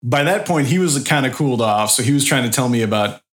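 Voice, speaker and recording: A man's voice: medium pitch, expressive, fast talker. A man on a podcast telling a rambling, self-deprecating anecdote in a casual chat. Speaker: podcast co-host. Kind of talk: casual storytelling.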